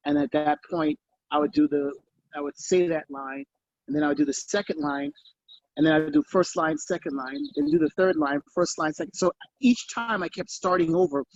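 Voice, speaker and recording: Man, audience member, raised pitch, gravelly, dry muffled call sound, earnest and halting. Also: no room sound. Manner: earnest, halting, repeats himself. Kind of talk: casual question-time comment.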